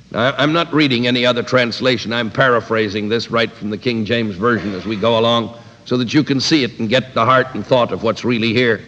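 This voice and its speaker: A man's voice: medium pitch, normal speed, a bit bright, in a large hall, rough recording. A man teaching an expository Bible sermon, reading scripture in old-fashioned wording and paraphrasing it with emphatic, plain-spoken asides.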